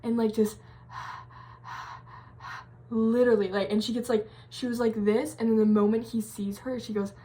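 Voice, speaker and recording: A woman's voice: a little high, steady tone, brisk, hardly any pauses, mellow. A young woman vlogger casually retelling a creepy story, rambling with lots of fillers and restarts. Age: young adult. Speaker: college vlogger.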